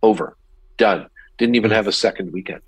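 An older male actor telling stories as a guest on a podcast interview, lively as he recounts anecdotes. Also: on the low side, fairly quick, husky, no echo, low-quality recording. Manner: animated anecdote teller, mimics voices in quotes.

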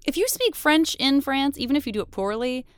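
A woman's voice: high voice, animated, a little fast, no echo, clean studio sound. A woman from Arizona hosting a podcast, chatting casually and laughing often. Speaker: podcast host. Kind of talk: casual chat.

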